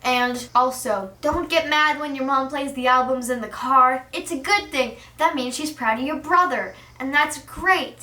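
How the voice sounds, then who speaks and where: A teenage girl vlogging as an excited fan, gushing and saying "like" constantly. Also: high-pitched, measured pace, few pauses, roomy sound, distant mic. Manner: gushing, giddy, says "like" constantly. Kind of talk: excited fan chat to camera.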